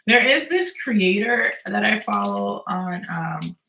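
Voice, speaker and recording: A woman's voice: mid-range voice, animated, takes it slowly, creaky, sharp tone, slight background noise. A young woman from Antigua and Barbuda with a Caribbean accent, chatting casually and laughing often as she answers viewer questions on a home livestream. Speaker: small business owner and livestreamer. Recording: roomy echo.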